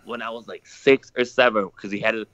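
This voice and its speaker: A man hosting a loose livestream chat, swearing freely and circling back over the same point. His voice is bright and forward. The mic sound is dry and a little dull. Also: on the low side, steady tone, fairly quick, no echo. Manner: profane, rambling, repeats himself. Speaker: podcast host.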